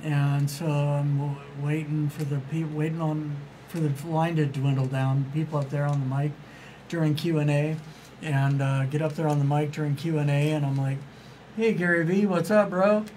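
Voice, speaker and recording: A man's voice: a little high, little pitch movement, moderate pace, warm tone, slight background noise, rough recording. A man guesting on a radio interview as an author, telling stories in a rambling, enthusiastic way and acting out the dialogue he quotes. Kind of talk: casual radio interview storytelling.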